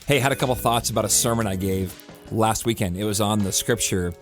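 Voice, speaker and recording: A man's voice: fairly low pitch, brisk, over music. A male pastor reflecting on his sermon in a casual, earnest podcast talk, restarting phrases to stress his points. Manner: earnest and conversational, with emphatic restarts.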